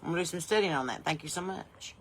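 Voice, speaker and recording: A woman's voice: on the low side, quick pace, husky, low-quality recording. A Southern woman hosting a casual livestream from her porch, chatting folksily and greeting viewers by name. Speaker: podcast host and country singer. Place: home porch.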